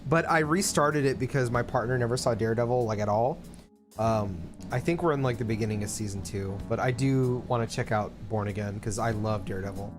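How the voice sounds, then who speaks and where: A man from the Philippines chatting casually and profanely while streaming a game, with rambling asides and jokes. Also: medium pitch. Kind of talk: casual live-stream chat over gameplay. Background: game music.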